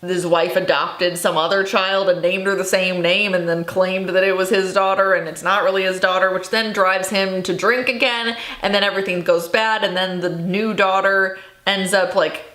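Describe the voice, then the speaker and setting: Young woman vlogger, sarcastic rant, mid-pitched, roomy echo. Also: fairly even intonation, moderate pace, a bit bright. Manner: sarcastic, exasperated, laughing asides. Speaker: book vlogger. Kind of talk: casual chat. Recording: echoey room.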